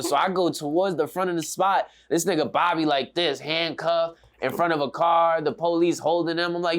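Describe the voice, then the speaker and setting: A man, telling a story in a casual interview, animated and slang-heavy. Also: fairly high pitch, a little fast, hardly any pauses. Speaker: interview guest.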